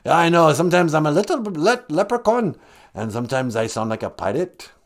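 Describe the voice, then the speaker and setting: In an improvised comic skit, a man plays the Great Spirit, an all-knowing male deity who is gently preachy and speaks in a lilting put-on brogue, calling her "me daughter." Speaking a little fast, his pitch swings widely between lofty proclamations and homely, folksy advice.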